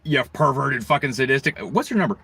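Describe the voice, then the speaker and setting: Profane, forceful American man ranting. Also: medium pitch, lively intonation, creaky, slightly rough. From United States. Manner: profane, ranting, heavy swearing, rapid tangents. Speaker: livestream host. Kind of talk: rambling livestream rant.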